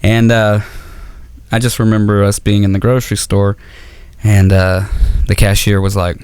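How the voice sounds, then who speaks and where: A man's voice: lowish voice, monotone, normal speed, long pauses, darkish tone, smooth, dry recording. A man doing a stand-up comedy routine, telling profane stories and acting out both sides of the arguments in raised voices. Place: comedy auditorium stage.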